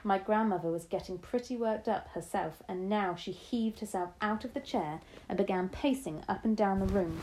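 Woman, teacher, reading a novel aloud to a class, expressive, dark mellow tone. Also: mid-range voice, normal speed, hardly any pauses, low-quality recording.

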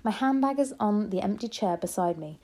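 A woman voicing a calm, loving old grandmother who speaks in a soft whisper, in a storybook reading. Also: medium pitch, fairly quick. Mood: reassuring. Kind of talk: storybook read-aloud.

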